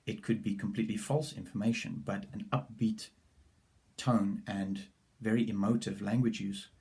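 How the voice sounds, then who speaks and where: A man calmly explaining a lesson plan for a listening activity, with a measured delivery and occasional restarts. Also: fairly low pitch.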